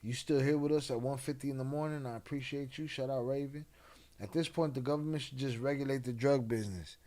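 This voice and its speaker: Man, livestream host, relaxed, slangy, reading chat, shout-outs, mid-pitched voice. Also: quick pace. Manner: laid-back, reads and answers chat with shout-outs, slang-heavy. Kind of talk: casual late-night livestream chat.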